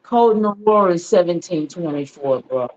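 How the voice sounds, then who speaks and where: A mid-pitched panelist explains points of history in a relaxed, conversational way. The voice comes through a dull, lo-fi online call. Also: measured pace.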